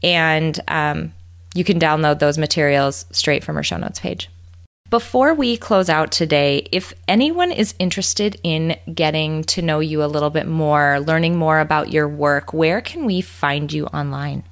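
Woman in her 30s hosting a podcast, earnest and heartfelt, kinda low voice. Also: a little slow. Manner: earnest, emotional, motivational. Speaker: podcast host. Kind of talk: podcast interview and solo recap.

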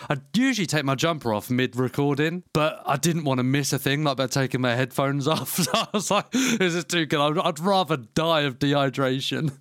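A man co-hosting a gaming podcast, casual, sweary and quick to laugh. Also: medium pitch, a bit bright, dry recording, studio quality. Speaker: podcast co-host. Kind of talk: casual chat.

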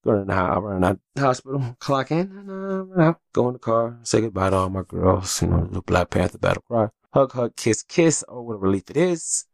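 Man, deep voice, podcast host, rambling, profane, dry close mic. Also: sing-song, fairly quick, gravelly, few pauses, dry recording. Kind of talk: casual solo podcast chat.

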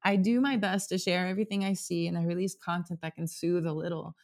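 His voice sits high with little pitch movement, and he speaks quickly. He's a thirty-something guest at home in his apartment, going on at length in a candid, heartfelt way, with frequent "like"s and casual curse words.

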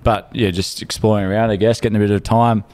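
A man's voice: on the low side, little pitch movement, fast, darkish tone, no room sound. A young Australian man, a podcast co-host, telling a crude story in a casual chat and acting out the dialogue. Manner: crude, laid-back storyteller, acts out dialogue.

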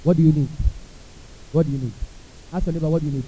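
With a somewhat high, breathy voice and quick pace, a man preaches animatedly to his congregation, acting out quotations and posing questions to them. Faint hiss runs under tinny, phone-like audio.

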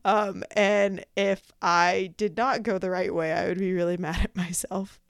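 A young woman tells a story on her podcast in a bubbly, self-mocking way, laughing often and acting out her own thoughts. Her voice is smooth and clear, at a middle pitch. The recording is close and dry. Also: level tone, a little slow, dry recording. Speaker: podcast host. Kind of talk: casual storytelling monologue.

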